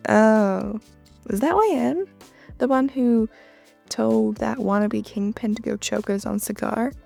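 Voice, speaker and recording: A woman's voice: fairly high pitch, fairly even intonation, takes it slowly, vocal fry, warm tone, soft background music, exaggerated voice. A woman doing a bored, sassy female demon. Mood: mocking. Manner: flippant and mocking.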